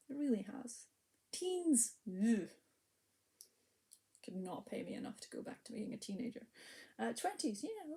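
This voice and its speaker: A woman's voice: a little high, warm tone. Chatty woman with whispered asides. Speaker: spoken word poet and writing teacher. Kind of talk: spoken word performance with chatty preamble.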